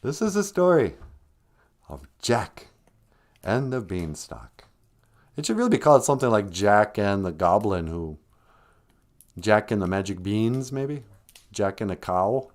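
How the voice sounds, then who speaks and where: A man's voice: lowish voice, big pitch swings, unhurried, pauses often. A man hosting a live-stream podcast, retelling a folktale in a loose, joking, conversational way. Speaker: podcast host and storyteller. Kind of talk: casual humorous folktale retelling.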